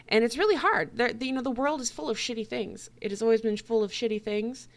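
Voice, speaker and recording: A woman's voice: on the high side, quick pace. Profane, ranting woman podcast host. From United States. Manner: blunt, profane, laughing, animated. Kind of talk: casual monologue rant.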